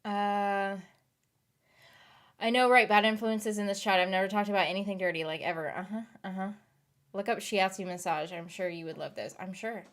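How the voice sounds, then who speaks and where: A woman's voice: medium pitch, steady tone, normal speed. A woman in her thirties chatting casually with her stream viewers late at night, giggly and rambling, laughing often and trailing off, tired. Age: 30s.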